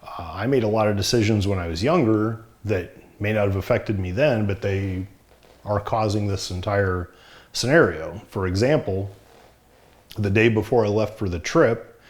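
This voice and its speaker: Frank, plainspoken middle-aged man. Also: fairly low pitch. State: short of breath. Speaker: vlogger. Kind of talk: casual talk to camera.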